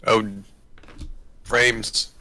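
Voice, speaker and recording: A man on a voice call helping with a game stream, his voice gravelly and bone dry. He tosses off jokes and remarks in a casual, offhand way. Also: medium pitch, monotone, very slow, pushed and bright, no room sound. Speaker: co-player on a voice call. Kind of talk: casual gaming chat.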